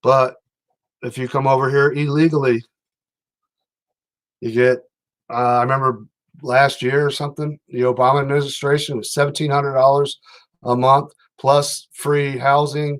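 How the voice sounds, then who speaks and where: A man hosting a casual livestream, rambling and reading out viewer comments as he talks. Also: medium pitch. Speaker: livestream host.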